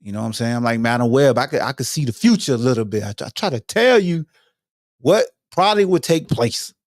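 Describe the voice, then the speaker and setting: A man's voice: medium pitch, animated, brisk, dry recording, clean studio sound. Slangy, emphatic man hosting a podcast. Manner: slangy, emphatic, mocking asides to listeners. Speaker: podcast host. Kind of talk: casual solo podcast commentary.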